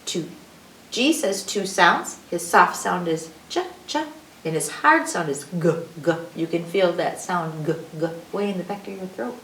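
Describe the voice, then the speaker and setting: A woman librarian reading alphabet rhymes to young children in a slow, sing-song way, sounding out each letter, recorded from a distance in an echoey room. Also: lowish voice, animated, fairly bright tone, a little hiss or hum.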